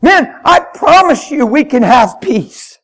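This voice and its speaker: A man preaching a spontaneous sermon in a church, fervent and emphatic, repeating his phrases and swinging up into loud shouts. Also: very high voice, sing-song, takes it slowly. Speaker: traveling preacher. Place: church hall with congregation.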